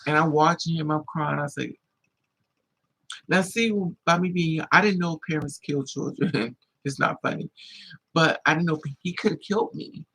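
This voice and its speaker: A man vlogging, telling a personal story in an animated, emphatic way with plenty of swearing. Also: a little high, moderate pace, vocal fry, husky, poor audio.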